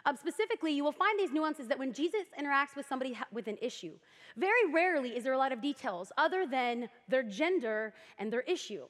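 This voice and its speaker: A young adult woman preaching a sermon, telling the story with animated energy and acting out voices. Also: high voice, fast talker, in a large hall.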